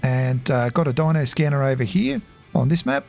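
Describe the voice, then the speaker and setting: A man chatting casually while streaming a game, rambling and halting, with frequent chuckles. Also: medium pitch, sing-song, creaky, darkish tone, soft background music. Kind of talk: casual live-stream chat.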